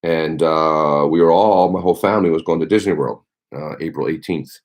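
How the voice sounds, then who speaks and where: A man's voice: extremely low pitch, fairly quick. A man, a teacher, chatting casually on a livestream, rambling with lots of ums and you-knows.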